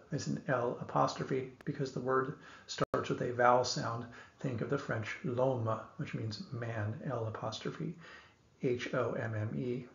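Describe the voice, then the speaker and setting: A man giving an explanatory lecture, speaking in a measured way and thinking aloud with small restarts. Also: mid-range voice, vocal fry. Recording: echoey room, dull lo-fi sound.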